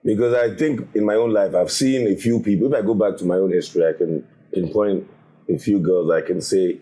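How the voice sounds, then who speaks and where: A man's voice: deep voice, brisk, dark tone. A man chatting candidly on a panel, joking and laughing between lines. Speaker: panel cast member. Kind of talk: casual panel chat.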